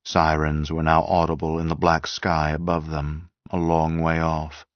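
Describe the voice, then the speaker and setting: Male audiobook narrator, deep, measured delivery; dull, dry recording. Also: monotone, dry recording. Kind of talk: audiobook reading.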